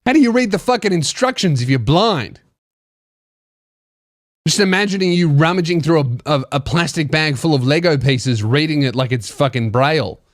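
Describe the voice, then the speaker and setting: Male podcast host, comedic story reading, crude, mocking, lively pitch, dry close sound. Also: normal speed, no room sound.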